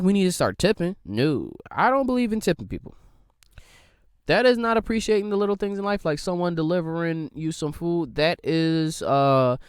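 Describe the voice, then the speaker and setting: A man's voice: clean tone, no echo, studio quality. A man hosting a podcast, delivering a rambling, profane, comedic rant that jumps between his own voice and mocking impressions. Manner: rambling, profane, swings pitch widely for quoted voices. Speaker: podcast host.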